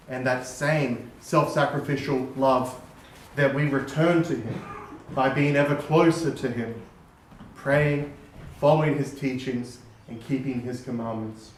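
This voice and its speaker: A priest delivers a measured, earnest sermon in an average-pitched male voice. He is recorded from a distance in a church, and the sound rings with the room's echo. A faint hum sits underneath. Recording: roomy church echo from far off.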